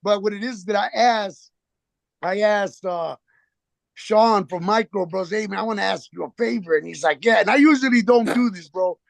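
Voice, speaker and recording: A man's voice: sits high, moderate pace, gravelly, no echo. A man on a video call from his phone, telling rambling, profanity-heavy stories in slangy street talk and acting out the back-and-forth. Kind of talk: casual chat on a video call.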